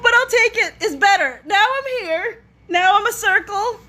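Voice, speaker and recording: Woman, very high voice, slow drawn-out talk, teary helpless laughter, live stream on a phone. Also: lively intonation, bright, forceful tone. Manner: laughing helplessly, teary, reading viewer comments aloud. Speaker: live-stream host reading comments. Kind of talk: casual live-stream chat. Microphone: phone front camera.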